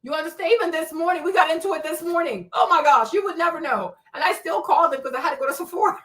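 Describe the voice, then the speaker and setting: Woman, 40s, livestream host: sassy, cursing rant, high lively voice, slightly off-mic. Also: fast, far from the mic. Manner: blunt, profane, sassy, laughing often.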